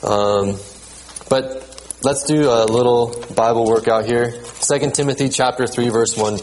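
A man's voice: medium pitch, steady tone, a little mellow, slight background noise, rough recording. Conversational male preacher. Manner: conversational, repeats words, checks in with "okay?"; reads scripture aloud in a measured cadence. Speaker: pastor. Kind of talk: sermon.

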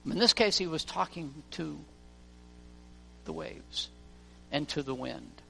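Preacher with a gravelly, bright voice. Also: male voice, fairly high pitch, huge pitch swings, takes it slowly. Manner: storytelling preacher, acts out voices. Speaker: pastor. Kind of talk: sermon. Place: church. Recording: long reverb of a church hall, faint music.

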